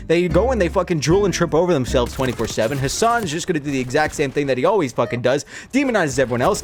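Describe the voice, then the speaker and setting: A man ranting sarcastically with lots of swearing while doing commentary for his YouTube video. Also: a little high.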